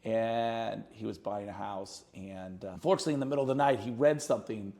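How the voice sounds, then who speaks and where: A middle-aged man, a real estate agent on a podcast, telling lively stories and acting out the people in them. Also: lowish voice, fairly quick. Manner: lively, acts out quotes in his stories. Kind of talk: animated storytelling in an interview.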